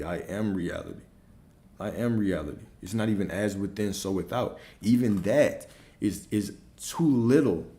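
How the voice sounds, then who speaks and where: A man's voice: low-pitched, warm tone. A man giving a motivational talk as a spiritual coach, emphatic and repeating affirmations with growing force.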